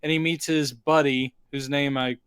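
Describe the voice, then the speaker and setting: Smooth-voiced man co-hosting a film chat. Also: medium pitch, fairly even intonation, normal speed, fairly bright tone, no echo. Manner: retells plot scenes by voicing the characters' lines. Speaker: podcast co-host. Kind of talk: casual film review chat.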